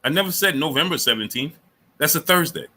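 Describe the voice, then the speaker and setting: A man's voice: a little high, lively intonation, fast talker, sharp tone. A man hosting a live boxing stream, lecturing a viewer, repeating himself and greeting chatters by name. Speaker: boxing channel host.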